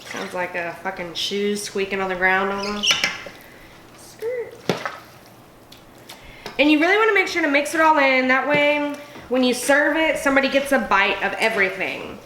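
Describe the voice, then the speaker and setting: Tipsy high-voiced woman cooking. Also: fairly quick, noisy background. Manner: crude and profane, giggly. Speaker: host of a cooking video. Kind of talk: casual cooking vlog. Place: home kitchen. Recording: echoey room with faint music.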